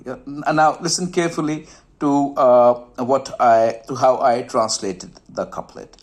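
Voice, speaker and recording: A man hosting his own channel, explaining a point of poetry in a reflective, hesitant way, with many fillers and restarts, and sometimes dropping to a soft, breathy tone. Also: mid-range voice, measured pace. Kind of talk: informal explanatory talk to camera.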